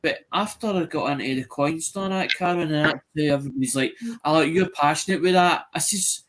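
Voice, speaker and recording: A man's voice: a little high, brisk, few pauses, a bit bright, slight background noise. A man chatting eagerly on a live stream, speaking with enthusiasm and addressing others by name. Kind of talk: casual chat.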